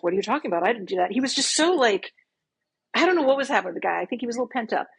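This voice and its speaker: A woman in her fifties, a podcast guest telling a dating story in a casual, animated way and acting out what she said back then. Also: a little high, breathy edge, low-quality recording. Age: 50s. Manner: animated, acts out her own past lines.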